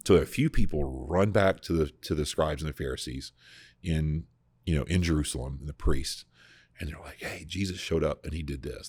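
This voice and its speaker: A man hosting a podcast, explaining scripture in a casual, animated way, often restarting his sentences. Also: deep voice, normal speed, slightly rough, dry recording, clean studio sound. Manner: animated, full of restarts and repeated words. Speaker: podcast host discussing scripture. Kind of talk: casual conversational Bible teaching.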